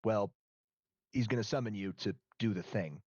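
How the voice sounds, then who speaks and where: A man's voice: on the low side, moderate pace, a little mellow, no room sound, highs cut off. A man acting as game master in a streamed tabletop role-play, patiently explaining the rules.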